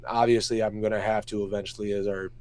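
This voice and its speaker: A man's voice: lowish voice, flat delivery, quick pace, a little mellow. A young man, an MMA fighter, talking openly and emotionally in an interview, swearing often and telling stories in long run-on answers. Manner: open and emotional, heavy swearing, loose run-on storytelling. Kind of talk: candid emotional interview talk.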